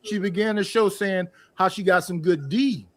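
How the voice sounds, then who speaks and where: A man's voice: high-pitched, normal speed, fairly bright tone, dry recording. A man in a casual talk show debate, making emphatic, provocative points.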